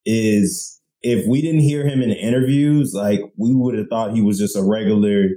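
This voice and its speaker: Mellow laid-back man in a roomy space. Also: fairly low pitch, normal speed. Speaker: podcast host. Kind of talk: casual chat.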